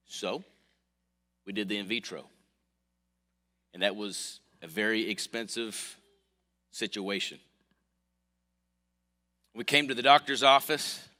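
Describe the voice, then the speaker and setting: Male pastor, low voice, lively sermon delivery, reverberant sanctuary sound. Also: slow, long pauses. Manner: lively storytelling preacher with swings from quiet to loud. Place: church sanctuary. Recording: long hall reverb.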